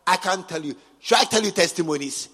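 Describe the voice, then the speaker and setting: A man with a Ghanaian English accent preaching a sermon as bishop, emphatic and repetitive, swinging from quiet asides to shouts. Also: high voice, fairly quick, breathy edge, in a large hall. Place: large cathedral.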